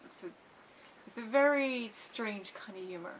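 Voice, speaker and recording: A woman's voice: fairly high pitch, normal speed, slight background noise, poor audio. A woman co-hosting a casual film review chat, talking in a playful, chatty way with lots of fillers. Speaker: co-host.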